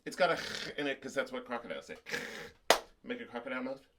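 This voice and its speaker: A man's voice: medium pitch, fast talker, very noisy. A man teaching a children's music class over a video call, singing action songs and joking playfully with the kids. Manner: playful, sings and chants action songs with jokes for small children.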